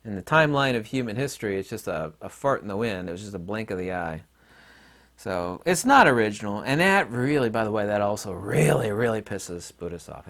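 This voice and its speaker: Middle-aged male commentator, blunt and combative, animated pitch, mocking asides. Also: fairly quick. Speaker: online commentator. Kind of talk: opinionated monologue.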